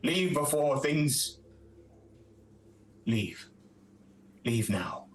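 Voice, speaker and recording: A man voicing a cloaked, weeping woman who coldly orders intruders out of her home, speaking slowly and dropping to a whisper. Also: sing-song, reverberant, slight background noise. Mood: menacing. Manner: slow, low and menacing, dropping to a whisper. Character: cloaked weeping woman guarding her lair, cold and hostile.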